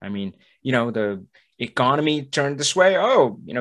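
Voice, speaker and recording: A man's voice: mid-range voice, moderate pace. A man hosting a podcast, talking in a motivational monologue and acting out the voices of the people he quotes. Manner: animated, acts out quoted voices. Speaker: podcast host. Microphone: studio mic, audio only.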